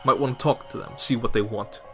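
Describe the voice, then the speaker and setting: A man's voice: medium pitch, brisk, faint music behind, close to an everyday voice. A man voicing a wary villager in a put-on Australian accent, giving a casual, hesitant warning.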